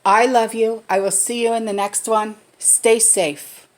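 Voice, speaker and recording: A woman's voice: on the high side, steady tone, measured pace. A woman in her forties chatting casually in a pantry vlog from her home kitchen, often checking in with the viewer. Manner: chatty, keeps checking in with "okay?". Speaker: vlogger. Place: home kitchen, cooking while talking.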